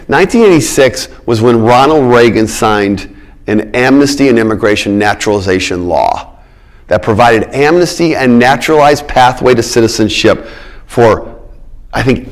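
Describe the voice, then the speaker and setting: A middle-aged man giving a public lecture on politics, emphatic, repeating his key words and checking in with the audience. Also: mid-range voice.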